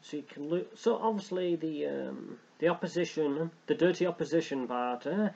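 A man's voice: fairly high pitch, normal speed, gravelly, a little mellow, muffled recording. A young man hosting a let's play, joking and rambling as he reads game text aloud. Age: young adult. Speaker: gaming channel host.

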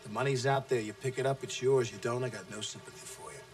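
An actor playing a brash, abusive male sales trainer who taunts his listeners, shouting one moment and dropping to low menace the next. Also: fast talker, slight background noise, close to an everyday voice. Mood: contemptuous. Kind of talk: film acting.

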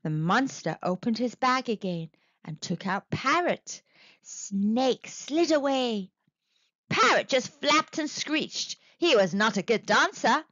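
A woman storyteller reading a children's picture book aloud in a slow, very expressive way. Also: a little high, no echo, lo-fi sound.

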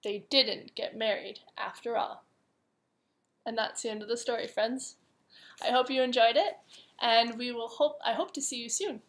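A woman reading a picture book aloud to young children, with gentle, chatty asides to her listeners. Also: fairly high pitch, moderate pace. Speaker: preschool teacher.

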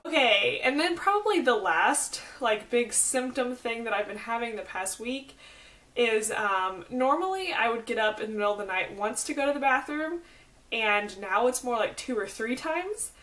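This is a young woman with a Southern American accent chatting to her camera. She rambles happily from one side note to the next, full of fillers. Her voice sits somewhat high. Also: fairly bright tone. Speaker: pregnancy vlogger. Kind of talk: casual chat.

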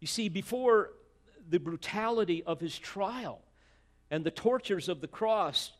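A man's voice: high voice, expressive, moderate pace. A man preaching an expository sermon as pastor, emphatic, with rhetorical asides and repeated words as he presses a point.

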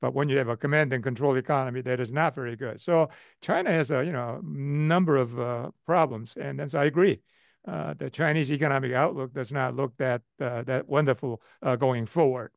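A man's voice: medium pitch, steady tone, fairly quick, gravelly, dry recording. An older man, an economist, answering a question in a webinar, with lots of "uh" and "you know" fillers and repeated phrases. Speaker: economist guest speaker.

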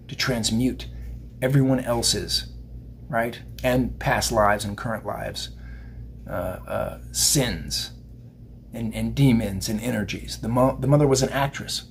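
A man's voice: mid-range voice, a little hiss or hum. A man giving a casual spiritual tarot reading to camera. He rambles and speaks straight to his viewers. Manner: rambling, chatty, addresses viewers directly. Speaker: tarot card reader.

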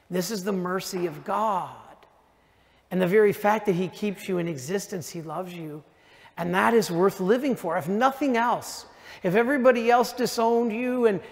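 High-voiced American priest in a reverberant church. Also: male voice. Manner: animated conversational storytelling, addresses the audience directly. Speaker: Catholic priest. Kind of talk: retreat talk to a congregation. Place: large church.

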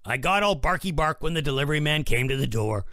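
A man voicing a bright bouncy pet dog. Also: on the high side, expressive, fast talker, no room sound, clean studio sound. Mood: playful. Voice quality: chatty, bouncy, silly. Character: playful excitable male pet dog. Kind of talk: storybook narration.

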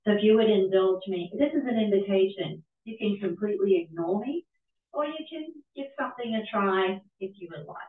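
Gentle middle-aged woman with a Pittsburgh accent. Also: mid-range voice, lively intonation, fairly quick. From Britain. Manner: gentle, inviting. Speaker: yoga teacher and author. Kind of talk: guided yoga practice at a reading. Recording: echoey hall, far mic, tinny.

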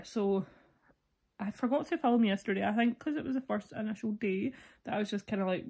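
Sick with a cough and sore throat, a young Scottish woman vlogs casually from home, talking to camera in a candid, rambling way full of fillers. Her mid-range voice is steady, gravelly, husky and a little mellow, and she speaks a little fast.

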